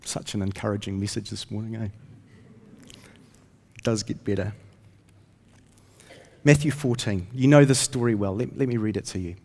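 A man's voice: lowish voice, normal speed, gravelly, pauses often, darkish tone. A man preaching a sermon, telling stories earnestly and lifting his voice when he reads scripture. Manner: earnest storytelling, rises when reading scripture. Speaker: pastor. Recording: long hall reverb.

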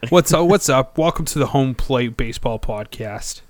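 A man's voice: medium pitch, expressive, normal speed, natural voice. A man putting on a Boston accent to play a swaggering male baseball podcast host. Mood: cocky.

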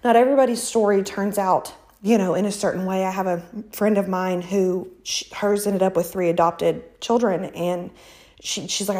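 A woman's voice: on the low side, steady tone, moderate pace, a little mellow. A woman speaking as an interview guest, emphatic and faith-filled, slightly out of breath. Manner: emphatic, faith-filled, acts out quoted voices. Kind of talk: casual conversational interview.

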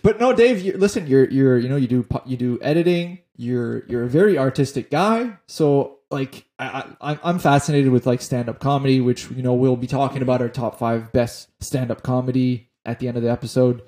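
A man's voice: medium pitch, a little fast, hardly any pauses, warm tone. A man co-hosting a podcast, chatting casually and teasing his guest in a friendly way. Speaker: podcast co-host.

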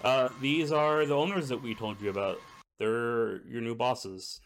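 A man voicing a weary male major-domo in a tabletop game, who speaks in a brisk, matter-of-fact way. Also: medium pitch, fairly even intonation, a little hiss or hum, natural voice. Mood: dry.

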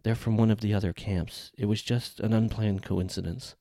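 A man voicing a tender, soft-spoken young woman. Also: on the low side, fairly even intonation, moderate pace, dry recording, studio quality, pitched above the performer's own voice, lightly acted. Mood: quiet.

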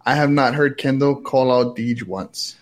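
A man's voice: medium pitch, steady tone, unhurried. A man on a gaming podcast asking questions and explaining his point at length. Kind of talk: casual gaming podcast chat.

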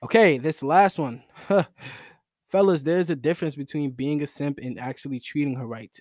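A man's voice: on the high side, moderate pace, darkish tone, no echo. Young guy rambling alone on his podcast, slangy and joking at himself, dry close sound. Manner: rambling, slangy, self-mocking. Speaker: solo podcast host. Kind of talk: casual joking monologue.

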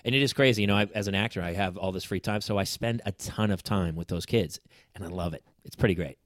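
A middle-aged man hosting a casual chat, telling family stories and acting out quotes loudly. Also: low voice, quick pace, no echo, studio quality. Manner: animated storyteller, acts out quotes loudly. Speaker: podcast host.

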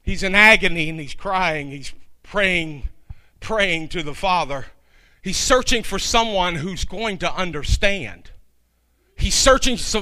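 A middle-aged male preacher with a high, ringing voice. He delivers his sermon with emphasis, stacking up repeated phrases. His tone is very bright and cutting.

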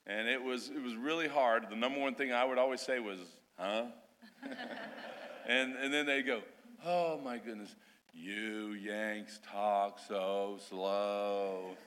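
A man's voice: medium pitch, sharp tone, slight background noise. A man, a missionary who grew up in Australia, speaking at a church service in a folksy, joking way. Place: church sanctuary. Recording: reverberant church hall.

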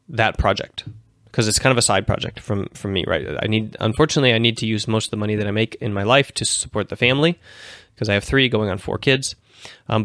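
A man in his thirties hosts a livestream, talking loosely and often correcting himself mid-sentence. His voice sits on the low side, recorded dry and close. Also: a bit bright, no echo. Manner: rambling, self-correcting, informal. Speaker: host. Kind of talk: casual livestream chat.

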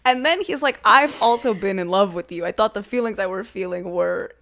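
A woman's voice: mid-range voice, brisk, fairly bright tone. A woman co-hosting a podcast, chiming in to correct and fill in a movie plot in casual chat. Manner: chatty, corrects and adds details, laughs often. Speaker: podcast co-host.

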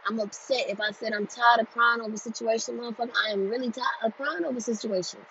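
A woman's voice: fairly high pitch, steady tone, quick pace, vocal fry, hardly any pauses. Woman, blunt and profane, repeats for emphasis; dull lo-fi recording. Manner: grows louder and more forceful as she goes. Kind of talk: candid monologue on healing. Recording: dull lo-fi recording with faint noise.

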